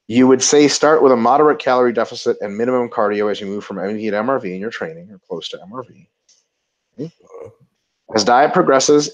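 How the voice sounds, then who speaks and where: A man's voice: mid-range voice, dull audio. A man co-hosting a casual webinar, reading viewer questions aloud and joking between answers. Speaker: webinar co-host.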